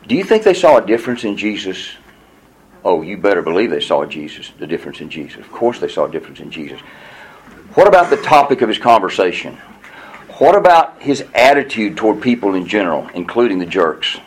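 A man's voice: mid-range voice, low-quality recording. A man leading an interactive Bible class, asking questions and preaching to the group.

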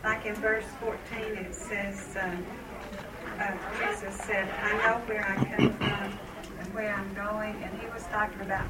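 A woman's voice: medium pitch, flat delivery, unhurried. A woman in a class who speaks up with a comment, hesitant and using fillers, heard from across the room. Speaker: class member asking a question. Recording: distant, echoey room with loud noise.

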